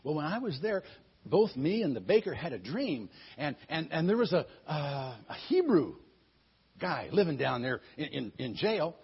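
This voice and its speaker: A man's voice: a little high, very animated, normal speed, husky, heavily acted. A man voicing a nervous servant who stumbles over his words. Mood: hesitant. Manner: hesitant, stumbling. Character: nervous male servant, a cupbearer. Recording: dull lo-fi recording.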